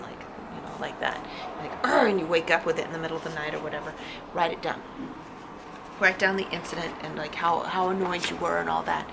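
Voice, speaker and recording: A woman giving a casual tarot reading to camera, talking in an animated way and repeating words for emphasis. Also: fairly low pitch, vocal fry, background noise. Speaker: tarot reader.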